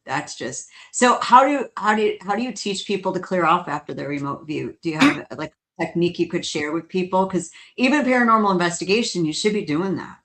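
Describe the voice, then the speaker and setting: A woman co-hosting a paranormal podcast, chatting casually, animated and laughing often between quick asides. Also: fairly low pitch. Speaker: podcast co-host.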